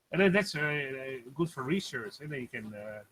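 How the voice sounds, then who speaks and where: A man's voice: medium pitch, fairly bright tone, slightly rough, low-quality recording. Hesitant man chatting online. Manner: hesitant, halting, with many fillers. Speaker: hangout participant. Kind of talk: casual online hangout chat.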